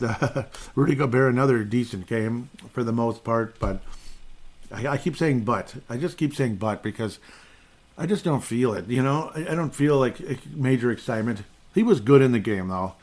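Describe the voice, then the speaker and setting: A man's voice: mid-range voice, animated, normal speed, darkish tone. A man hosting a casual sports podcast, rambling through game stats with sarcastic asides and frequent laughs. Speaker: podcast host.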